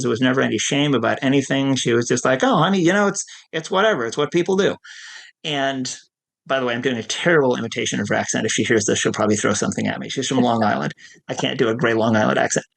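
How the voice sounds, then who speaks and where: A man's voice: medium pitch, creaky, a bit bright. A middle-aged man who works as an addiction counselor, telling his story in an interview in a candid, self-deprecating way and laughing easily.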